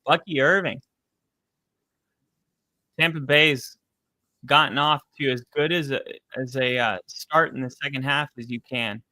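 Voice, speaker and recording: A man's voice: medium pitch, measured pace, pauses often, no echo, poor audio. A man hosting a live football reaction stream, chatting casually and reacting to plays. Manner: casual, reacts loudly to plays and baby-talks his dog. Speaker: livestream host.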